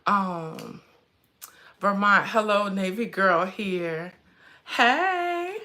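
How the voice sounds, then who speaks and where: A woman's voice: mid-range voice, a little slow, sharp tone. A woman, hosting a casual handbag livestream, chatty and emotional, fighting back tears. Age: 40s. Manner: chatty, addresses viewers as y'all. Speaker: handbag vlog host.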